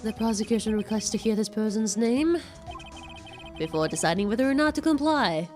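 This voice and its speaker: A woman's voice: a little high, brisk, a little mellow, faint music behind, voice pushed down, natural voice. A woman voicing a cool, haughty male prosecutor with clipped, formal speech.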